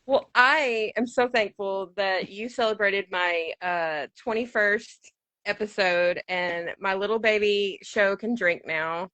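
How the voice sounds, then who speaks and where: A woman in her thirties hosting a podcast in a casual chat, quick and chatty and laughing often. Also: medium pitch, bright, forceful tone, no echo. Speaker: podcast host.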